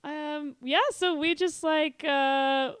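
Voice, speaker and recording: A young adult woman in casual chat, telling an animated story full of quoted voices and frequent laughter. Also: sits high, slow pace, dry recording. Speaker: guest telling a travel story.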